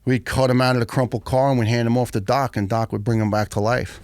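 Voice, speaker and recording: A middle-aged man tells his story as a podcast guest. He is blunt and profane and keeps the telling animated. His voice has a gravelly rasp, recorded close and dry with no room sound. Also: mid-range voice, quick pace, dry recording. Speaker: guest, retired firefighter.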